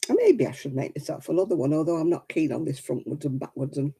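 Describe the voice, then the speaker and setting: Woman hosting a craft stream: chatty, self-mocking, husky, lively up-and-down voice. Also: deep voice, fast, rough recording. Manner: chatty, self-deprecating, greets viewers by name. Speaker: crafting livestream host. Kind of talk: casual livestream chat with viewers.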